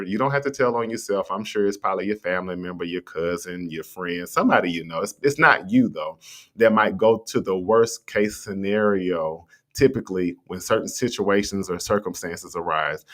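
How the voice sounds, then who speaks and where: A man hosting a motivational livestream talk, speaking conversationally and straight to his listeners, his pitch swinging up on rhetorical questions. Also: moderate pace, fairly bright tone. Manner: conversational and encouraging, addresses listeners directly. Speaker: host. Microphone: streaming setup with a mute button.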